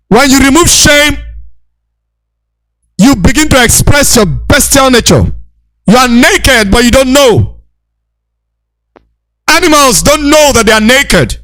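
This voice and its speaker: A man giving a preachy, impassioned lecture, repeating his points and shouting rebukes. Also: very high-pitched, very animated, takes it slowly, pauses often, no room sound.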